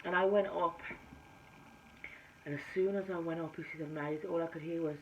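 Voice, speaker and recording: A woman with a Jamaican-tinged accent, a tarot reader, telling her spiritual testimony to camera in an emphatic storytelling manner, swinging between hushed and loud. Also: lowish voice, brisk, slight background noise. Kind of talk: personal testimony told to camera. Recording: slightly dull recording with faint room ambience.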